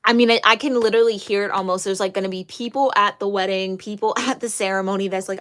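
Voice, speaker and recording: A woman giving a casual tarot reading, chatty and excitable, with many fillers and restarts. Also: mid-range voice, quick pace, hardly any pauses. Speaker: tarot reader.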